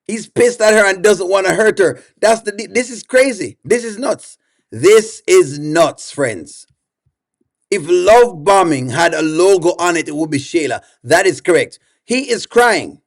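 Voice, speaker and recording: Reaction host: man, high voice, animated, teasing. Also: a little slow, vocal fry. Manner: animated, laughing, teasing, repeats himself. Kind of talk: comedic reaction commentary.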